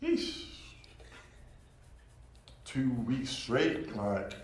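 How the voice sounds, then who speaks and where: Slangy young London man, low voice. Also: fairly quick. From United Kingdom. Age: 20s. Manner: slangy, animated, laughs a lot. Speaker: guest. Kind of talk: casual chat. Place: campus room. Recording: echoey room with faint background noise.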